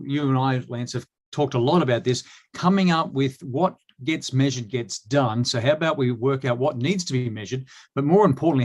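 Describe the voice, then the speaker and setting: A man's voice: mid-range voice, darkish tone. A middle-aged Australian man talking as a guest in a casual online chat, hesitant with many fillers and restarts. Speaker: guest, cleaning industry expert.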